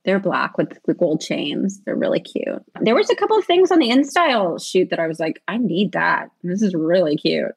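A woman's voice: fairly low pitch, sing-song, moderate pace, vocal fry, few pauses, slightly rough. A woman, chatting in an interview as the guest, laughing often and telling stories with animation. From American South. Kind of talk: casual interview chat.

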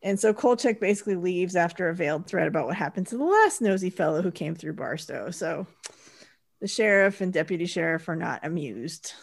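A woman's voice: on the low side, animated, fairly quick, creaky. Wry, chatty woman recapping a show. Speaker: podcast co-host. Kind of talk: casual episode recap.

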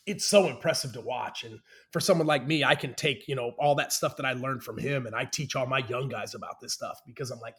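A man's voice: mid-range voice, a little fast, hardly any pauses, a bit bright. A man who plays professional baseball, talking enthusiastically in a casual sports chat and calling his host "bro". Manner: enthusiastic, says "bro" a lot. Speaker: professional baseball player, guest.

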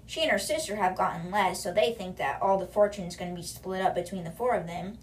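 A woman's voice: mid-range voice, fast talker, slight background noise. Chatty young woman, slightly distant mic. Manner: chatty, slangy, many "like"s. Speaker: podcast host. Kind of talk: casual book-recap podcast.

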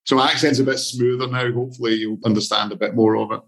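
A Scottish man being interviewed as a guest on a podcast, talking in a relaxed, self-deprecating way. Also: mid-range voice, fast talker. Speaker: guest, investor. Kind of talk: casual interview talk.

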